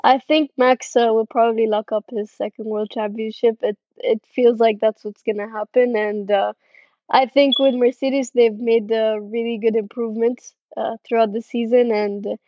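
Young woman on a video call, kinda high voice, dry muffled sound, lots of ums and laughs. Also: steady tone, moderate pace, no room sound. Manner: friendly, hesitant with many fillers, laughs often. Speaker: karting driver guest. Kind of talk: casual interview answers.

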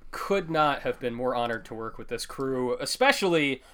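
A man co-hosting a podcast in casual chat, animated and jokey, laughing often. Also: mid-range voice, normal speed. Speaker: podcast co-host.

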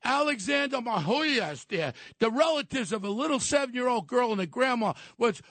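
An older man, hosting talk radio and ranting loudly with shouted insults. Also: very high voice, expressive, moderate pace. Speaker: radio host.

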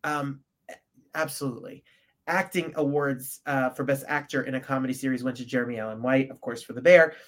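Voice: medium pitch, fairly even intonation, a little fast. Podcast co-host reading award results. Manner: reads from notes with fillers and stumbles.

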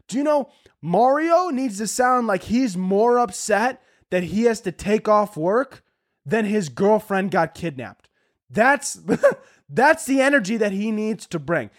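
Man, podcast host, casual rant, profane, rambling, higher voice. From half Italian family.

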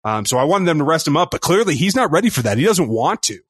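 A man co-hosting a sports podcast, talking through a game in an upbeat, quick, casual way. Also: on the high side, sing-song, husky, no echo, studio quality. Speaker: podcast co-host.

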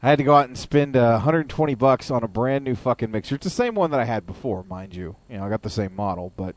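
Male co-host, medium pitch, relaxed delivery with a mild grumble. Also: fast talker. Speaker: radio show co-host. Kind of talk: casual chat.

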